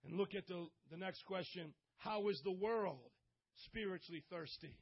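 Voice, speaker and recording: An emphatic man with a very high voice preaches to young people, calling on them to answer back. He swings from loud exhortation to hushed, intimate lines. The recording sounds dull and lo-fi. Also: normal speed, breathy edge. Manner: emphatic preacher, calls on the audience to respond. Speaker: youth pastor. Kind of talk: sermon. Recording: dull lo-fi audio.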